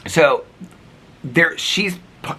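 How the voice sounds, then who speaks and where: A man vlogging, telling neighborhood stories in a rambling, animated way full of fillers. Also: on the high side, extremely slow, breathy edge. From United States. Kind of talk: casual storytelling.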